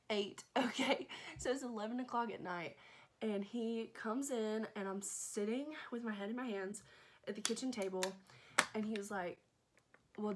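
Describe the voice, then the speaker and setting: Young woman telling a dramatic storytime. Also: mid-range voice. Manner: animated, dramatic storytelling with lots of "okay?". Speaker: vlogger. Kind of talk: storytime vlog.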